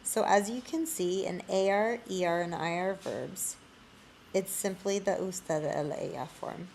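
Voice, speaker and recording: A woman teaching a Spanish lesson in a screencast, explaining slowly. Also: on the low side, gravelly, darkish tone, a little hiss or hum.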